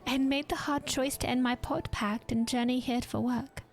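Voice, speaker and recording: A woman's voice: high voice, animated, normal speed, soft background music, voice pushed up. Woman doing a pompous young artisan lass. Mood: haughty. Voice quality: pompous, formal storybook delivery. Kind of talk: video game character voiced while reading.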